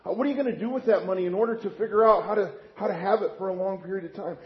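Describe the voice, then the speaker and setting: A man preaching a sermon as pastor, asking rhetorical questions and swinging between quiet and loud. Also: high-pitched, fast, few pauses, dull audio. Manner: lively, rhetorical questions, animated swings in volume.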